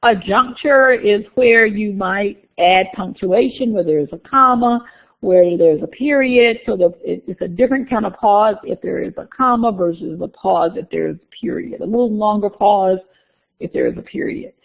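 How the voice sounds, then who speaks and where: A woman's voice: medium pitch, moderate pace, creaky. A woman lecturer explaining course material to her class in a classroom, with frequent "uh" fillers and small restarts. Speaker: university lecturer. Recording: phone-like lecture recording.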